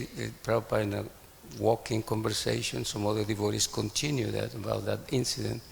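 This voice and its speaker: A man's voice: lowish voice, little pitch movement, fairly quick, creaky, long reverb tail, slight background noise. A man in a class telling an anecdote, acting out the quoted dialogue as he goes. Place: temple hall.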